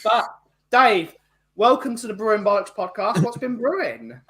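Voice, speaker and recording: A man's voice: high voice, lively intonation, moderate pace, a bit bright. A man hosting a casual banter podcast, teasing and joking with his co-hosts. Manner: teasing, jokey. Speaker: podcast host.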